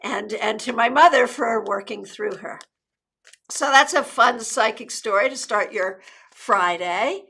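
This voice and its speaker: A woman's voice: a little high, measured pace, bright, forceful tone, husky. A middle-aged woman tarot reader hosting a live stream in an upbeat, chatty way, often restarting her sentences. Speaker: tarot reader and channel host.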